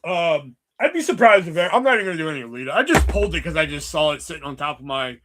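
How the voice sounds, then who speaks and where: A man's voice: on the high side, animated, fast talker, hardly any pauses, a bit bright. A man hosting a casual movie chat, rambling with lots of swearing and fillers. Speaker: host.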